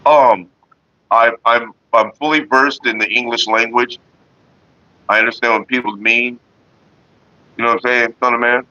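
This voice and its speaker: This mid-range male voice talks at normal speed with long pauses, on a dry recording that sounds dull and lo-fi. He's vlogging casually from Northern California, answering viewers in a laid-back, rambling, profane manner and talking about staying calm.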